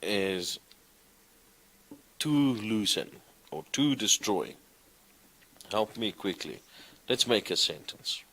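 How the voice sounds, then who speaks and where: Man, lecturing a class, low voice, slow unhurried delivery, encouraging, asks questions. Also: animated, a bit bright. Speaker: Greek teacher.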